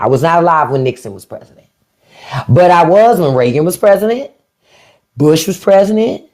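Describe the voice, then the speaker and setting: Middle-aged woman, livestream host; blunt, taunting delivery with a lively, animated pitch. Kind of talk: casual livestream talk.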